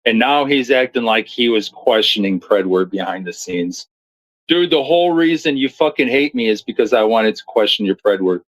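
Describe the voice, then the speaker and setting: A man's voice: mid-range voice, lively intonation, moderate pace, fairly bright tone, rough recording. A man commentating on clips and reading viewer comments in a blunt, profane, storytelling manner. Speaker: streamer commentator.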